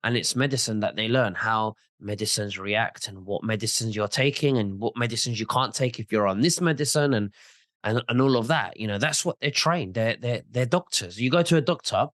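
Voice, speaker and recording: A man's voice: medium pitch, fairly quick, fairly bright tone, no echo, studio quality. A man in a casual video interview who speaks insistently and often repeats words as he starts a point.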